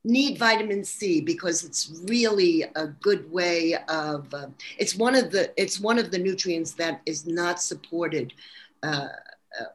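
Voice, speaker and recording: Speaking as a guest in a casual interview, a holistic practitioner from Brooklyn talks earnestly about spirituality and health, restarting her sentences often. She has a New York accent and a lowish voice.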